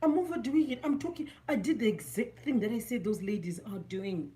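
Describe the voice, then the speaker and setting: Speaking a little fast in a fairly high, mellow voice, a woman from Zimbabwe talks through a makeup tutorial in a relaxed, self-deprecating way, mixing Shona into her English. She has a Zimbabwean accent and works as a beauty vlogger. There's a little hiss or hum.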